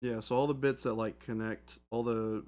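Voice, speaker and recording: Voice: mid-range voice, fairly even intonation, moderate pace, darkish tone. A playful livestream host joking around and thinking aloud while painting miniatures. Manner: playful, jokey, slips into silly voices. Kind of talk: casual livestream banter.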